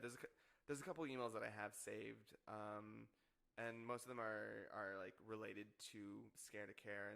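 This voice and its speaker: Gravelly-voiced young man rambling. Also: fairly low pitch, fairly bright tone. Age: 20s. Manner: rambling, heavy use of filler words. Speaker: podcast guest. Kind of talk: casual chat.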